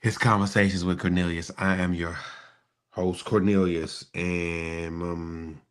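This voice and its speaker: A middle-aged man, hosting a casual live-stream chat and joking sarcastically with sudden excited high bursts. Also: measured pace, smooth. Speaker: host.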